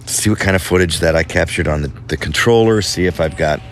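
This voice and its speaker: A man vlogging outdoors on a mountainside, thinking aloud in a halting way with fillers. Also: low voice, soft background music. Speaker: travel vlogger host. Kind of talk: casual vlog narration.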